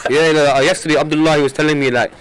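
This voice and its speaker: A man's voice: a little high, background noise. A young man with a Leicester accent chatting on a casual radio show, laid-back and making dry interjections. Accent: Leicester English. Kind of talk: casual banter.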